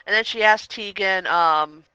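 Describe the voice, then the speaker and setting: A woman talks through a story in a relaxed review podcast. Her voice is bright and forceful, and she jumps in eagerly to recap the next scene. The sound is dry and close to the mic, with no room in it. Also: mid-range voice, clear, resonant tone, no echo, lo-fi sound. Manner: animated, recapping plot with quick interjections. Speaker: podcast co-host. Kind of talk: casual review chat.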